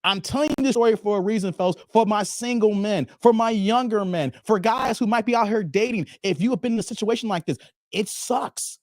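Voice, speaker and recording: A man's voice: high-pitched, brisk, dry recording, studio quality. A man hosting a dating commentary channel, telling a personal story in a frank, confiding way and speaking straight to viewers. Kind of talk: casual monologue storytelling.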